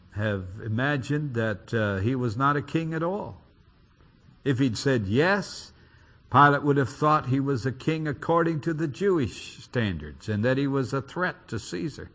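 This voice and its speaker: Slow, lively-voiced male preacher. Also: mid-range voice, slightly rough. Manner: lively, emphatic Bible reading with dramatic quotes. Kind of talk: expository sermon.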